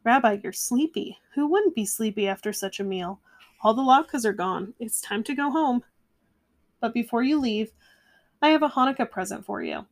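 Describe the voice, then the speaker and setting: A woman voicing a kindly, half-deaf grandmother of ninety-seven in a storybook read-aloud, warm and chatty. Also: fairly high pitch, lively intonation, moderate pace. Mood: fond.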